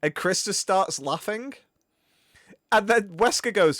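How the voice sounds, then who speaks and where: A man hosting a game stream, chatting casually in a rambling, animated way. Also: high-pitched, unhurried, no room sound, clean studio sound. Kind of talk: casual chat.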